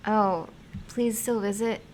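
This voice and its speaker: A woman's voice: mid-range voice, steady tone, slow pace, darkish tone, slight background noise, voice pushed up, close to an everyday voice. A woman reading as an eager young wife. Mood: hopeful.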